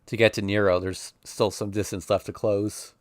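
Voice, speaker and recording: Low-voiced man reading a story dramatically. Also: flat delivery, moderate pace, no echo. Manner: intense, emotional first-person narration. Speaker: streamer reading a visual novel. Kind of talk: dramatic reading aloud of a visual novel.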